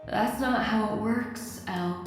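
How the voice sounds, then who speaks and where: A woman voicing a cold, weary brainwashed young man who sighs and speaks flatly, with a heavy echo as if inside a head. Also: a little high, unhurried, voice pushed up. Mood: grim. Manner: sighing, flat and resigned. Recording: echoey, long hall reverb, faint music.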